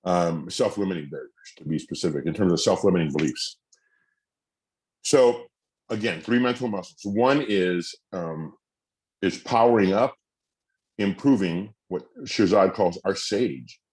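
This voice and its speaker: A middle-aged man with a very deep, low voice teaches a mental fitness masterclass. He speaks earnestly and acts out example phrases, shifting his tone of voice to show how the same words can sound different. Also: a little slow, darkish tone. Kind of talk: recorded masterclass talk.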